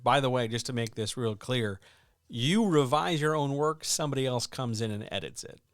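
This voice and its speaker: A man's voice: medium pitch, moderate pace, clean tone, no room sound, clean studio sound. A man coaching writers in a casual, emphatic way, often asking rhetorical questions. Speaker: writing coach and editor. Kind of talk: casual instructional talk.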